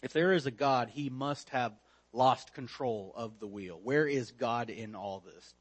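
A man preaching a sermon with emphatic repetition, letting phrase endings fall low and quiet. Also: unhurried, breathy edge. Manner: emphatic, repeats words, drops low on phrase ends.

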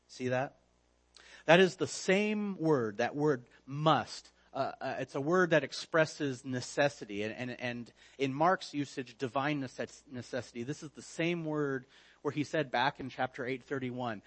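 Male preacher, sermon, emphatic and repetitive, middle pitch. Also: measured pace. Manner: emphatic, repeats words, drops low on phrase ends.

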